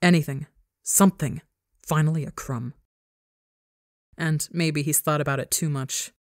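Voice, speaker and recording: A woman's voice: sits low, no room sound, clean studio sound. A woman narrating a dramatic fan fiction story for a podcast in an intense storytelling manner.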